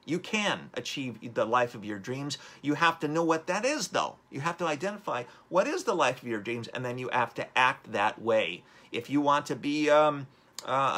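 A man's voice: mid-range voice, bright, forceful tone. A man hosting a live-streamed motivational talk, upbeat and rambling as he urges viewers on. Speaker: host.

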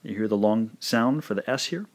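A man narrating a recorded language lesson, speaking slowly and carefully and repeating each pronunciation. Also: lowish voice, lively intonation. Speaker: language teacher.

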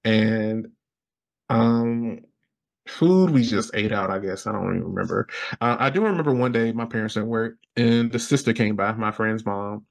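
A man appears as a podcast guest, telling a personal story in casual interview talk, rambling with fillers. He speaks at normal speed with vocal fry, animated, and his pitch jumps high whenever he quotes others.

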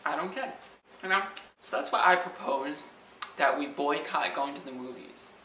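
A man's voice: fairly high pitch, animated, moderate pace, bright, forceful tone. Sarcastic man ranting in an echoey room. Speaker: vlogger. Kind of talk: comedic vlog rant. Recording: echoey room, distant from mic, faint background noise.

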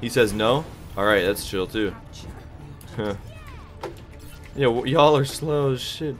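A man's voice: mid-range voice, takes it slowly, soft background music. A young man casually commentating his own gameplay, hyped and joking, trash-talking and laughing. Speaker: gaming YouTuber.

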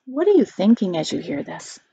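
A woman's voice: mid-range voice, big pitch swings, fairly quick, gravelly, warm tone, a little hiss or hum. A woman teacher reads a picture book aloud to children, stopping to explain words and ask them questions. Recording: dry, muffled home recording.

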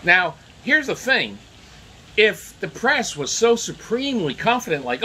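Male vlogger, raised pitch, bright tone, stumbling repetitive delivery. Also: expressive, poor audio. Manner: halting, repeats words while restarting. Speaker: political commentator. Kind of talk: casual monologue to camera.

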